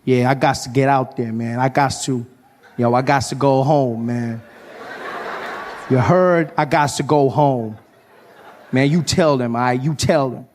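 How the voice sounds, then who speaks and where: A man playing an excitable young male comedian who stammers and repeats filler words. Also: medium pitch, a little slow, pauses often, a little hiss or hum, close to an everyday voice. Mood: excited.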